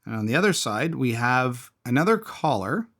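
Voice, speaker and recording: A man's voice: mid-range voice, very animated, moderate pace, a bit bright. A man casually reviewing and taking apart a small fidget toy, thinking aloud as he tinkers. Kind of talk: casual product teardown.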